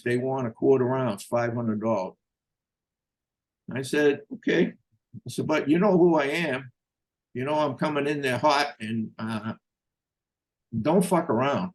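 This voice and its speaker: An older man tells a personal story in casual, blunt terms, swearing as he goes and doing the voices of the people he quotes. His voice is mid-range and a little mellow.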